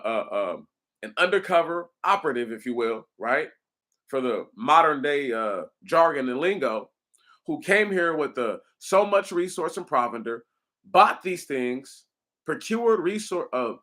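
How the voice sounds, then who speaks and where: A man delivering a casual, rambling monologue, animated and profane, speaking straight to his listeners. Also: on the high side. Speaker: commentator.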